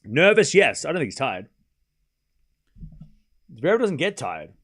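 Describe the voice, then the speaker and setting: Chatty streamer calling tennis live. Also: male voice, fairly high pitch, sing-song, unhurried, fairly bright tone. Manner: chatty, jumps between calling points and thanking viewers. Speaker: livestream host. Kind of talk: casual live tennis watchalong commentary.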